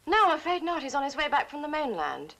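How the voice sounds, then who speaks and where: An actress playing a polite, hospitable innkeeper's wife in a period film. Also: female voice, sits high, sing-song, fast talker, fairly bright tone, full character voice.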